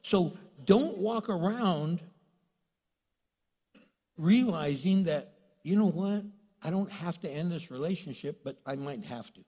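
Lively preacher guy, husky voice, joking around, long church-hall echo. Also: a little high, measured pace, pauses often. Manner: animated, joking, acts out quoted voices. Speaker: pastor. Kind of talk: sermon.

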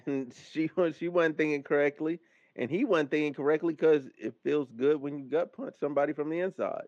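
A man's voice: fairly high pitch, brisk, darkish tone, no echo. A man with a mid-range voice chatting bluntly on a podcast, swearing freely and joking around. His mic sounds a touch dull and muffled, though the room is dry and close. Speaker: podcast co-host. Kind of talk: casual chat.

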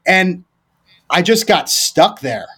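Higher-voiced man telling war stories loosely. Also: big pitch swings, slow pace, fairly bright tone, breathy edge. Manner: rambling, loose delivery full of "like" and restarts, swears freely. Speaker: podcast guest, former Recon Marine. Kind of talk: casual storytelling conversation.

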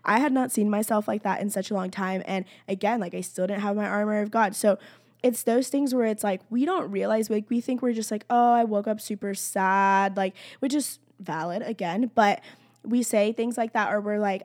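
A woman's voice: mid-range voice, normal speed, dry recording. A young woman shares a faith testimony in casual vlog talk, looping back with fillers. Her voice sits in a middle register. The recording is close and dry, with no room sound. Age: young adult. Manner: chatty, many "like" and "y'all" fillers. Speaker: college student sharing faith.

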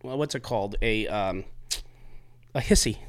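A man's voice: lowish voice, moderate pace. A man hosting a podcast, telling a story in casual chat, rambling with restarts and acting out what people said. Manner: rambling, restarts and acts out quotes. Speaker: podcast host.

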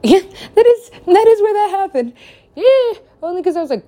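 A woman's voice: big pitch swings, slow, gravelly, mellow. A woman rambling through casual stories, laughing often, swearing, and acting out her own lines with big swings in voice. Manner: giggly, swears a lot, acts out her own quotes with big pitch swings.

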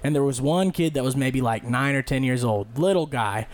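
A young man on a podcast casually telling a rambling, profane story and loudly acting out the people in it. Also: mid-range voice, normal speed. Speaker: podcast co-host.

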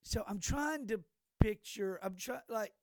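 A man's voice: high voice, unhurried, darkish tone, dry recording, clean studio sound. An older man co-hosting a podcast, telling stories in a rambling, profane way with many restarts. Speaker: podcast co-host. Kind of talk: casual chat.

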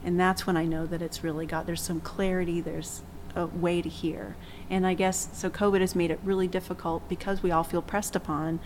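A woman hosting a faith discussion, speaking calmly and reflectively and reading from scripture. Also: fairly low pitch, brisk, few pauses, a little hiss or hum, poor audio. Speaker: podcast host.

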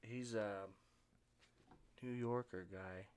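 Male co-host, low voice, laid-back, slang-heavy casual chat. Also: slow pace, smooth. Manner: relaxed, slangy, many fillers like "bro" and "dude". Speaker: podcast co-host.

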